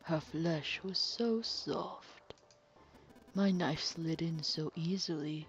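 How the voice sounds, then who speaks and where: A woman lowers her voice to play a sadistic killer who speaks in a slow, near-whispered murmur, politely mocking and chillingly calm. The pace drags, with every word drawn out. The sound is dull and lo-fi, like a cheap home mic. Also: a little hiss or hum. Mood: menacing calm. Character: calm sadistic middle-aged male killer. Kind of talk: dramatic reading of game text.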